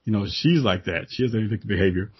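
A man in casual conversation, telling stories in a calm, laid-back way and laughing often. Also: lowish voice, quick pace, husky, highs cut off.

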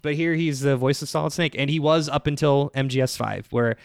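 Podcast host, male, smooth and clear voice, dry close sound, rambling chatty delivery. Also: on the high side, brisk, no echo. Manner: loose and rambling, full of fillers and laughs. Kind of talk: casual recap chat.

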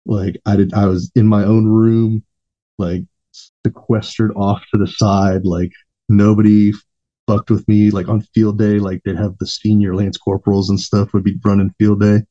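A man's voice: fairly low pitch, level tone, moderate pace, warm tone, muffled recording. A man, a veteran podcast guest, telling long profane anecdotes in a laid-back, rambling way. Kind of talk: casual storytelling.

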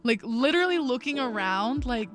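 A young woman in her twenties telling a long story in casual chat, animated, full of "like", acting out what people said. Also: on the high side, normal speed, music in the background. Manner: animated, lots of "like", acts out quotes. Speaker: guest. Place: a bar or restaurant.

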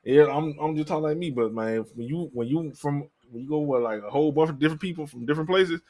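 A man with a Southern accent from Memphis, hosting a podcast and telling profane, animated stories in casual chat. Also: fairly high pitch, fast. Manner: animated storytelling, profane, laughs loudly. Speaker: podcast host.

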